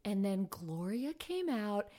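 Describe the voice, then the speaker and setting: Animated woman telling stories, laughing. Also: slow pace. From Los Angeles. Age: 30s. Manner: animated storyteller, laughs often, jumps into high quoted voices. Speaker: guest. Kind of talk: casual chat.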